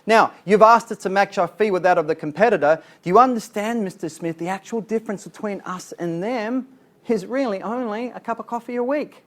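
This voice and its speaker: A man giving an animated, chatty training seminar as a sales trainer. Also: high voice, fairly quick. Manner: animated, chatty, laughs at his own jokes.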